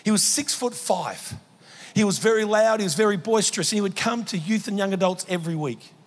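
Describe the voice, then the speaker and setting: A man preaching a sermon in a church, telling stories that build to shouted exhortation. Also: high-pitched, brisk. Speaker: pastor. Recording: long hall reverb in a church.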